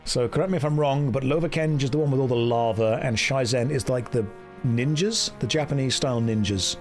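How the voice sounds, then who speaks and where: A man's voice: mid-range voice, fairly quick, soft background music. A man chatting on a live game stream in a joking, self-mocking way. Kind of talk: casual live-stream chat.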